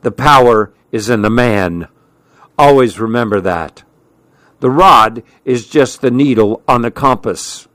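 A man voicing a showy grown man who lectures a boy gravely. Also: medium pitch, unhurried, a bit bright, no echo, studio quality, natural voice. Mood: solemn.

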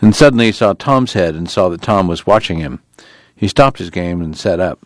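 In a dry recording free of room sound, a low-voiced man reads an audiobook aloud. His storytelling is calm and evenly paced.

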